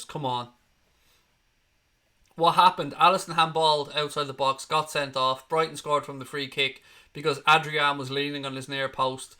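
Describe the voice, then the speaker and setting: A man's voice: mid-range voice, sharp tone, clear, resonant tone. A man hosting a live football watchalong, reacting bluntly to the match and swearing freely as he talks his viewers through it. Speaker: football fan channel host.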